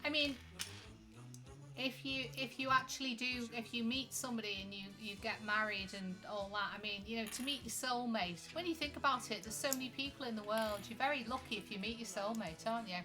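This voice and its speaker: A woman's voice: a little high, brisk, music in the background. A middle-aged woman, a streamer's mother, chatting earnestly and sentimentally on a livestream. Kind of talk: casual chat on a livestream.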